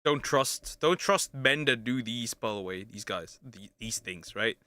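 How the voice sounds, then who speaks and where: A young man reacting to clips with crude jokes, restarts and sudden bursts of yelling. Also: mid-range voice, expressive, a little slow, dry recording. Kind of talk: casual reaction commentary.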